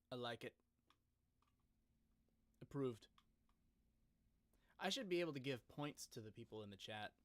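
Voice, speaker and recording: A man's voice: lowish voice, a bit bright, no echo. A man chatting casually on a live stream, rambling and joking at his own expense. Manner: joking, rambling, self-deprecating.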